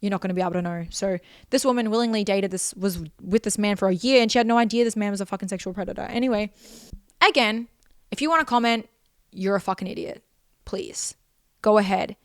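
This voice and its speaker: A woman's voice: mid-range voice, fast, no echo, studio quality. A young Australian woman telling a personal story with intense, profane emphasis and repeated phrases. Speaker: vlogger.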